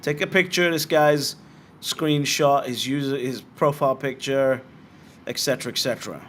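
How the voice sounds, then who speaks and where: A young man from Britain hosting a casual livestream, answering viewer questions bluntly and swearing freely. His voice sits at a middle pitch, with faint noise and room ambience behind it. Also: normal speed. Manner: blunt, swearing, animated asides. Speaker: bitcoin livestream host.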